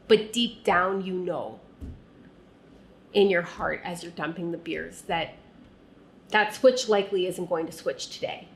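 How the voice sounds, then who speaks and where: A woman speaking to the listener as "you" about her own past. She talks earnestly and softly and often drops to a quiet tone. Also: mid-range voice. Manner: earnest, soft and unhurried, often dropping quiet. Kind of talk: reflective second-person personal narration.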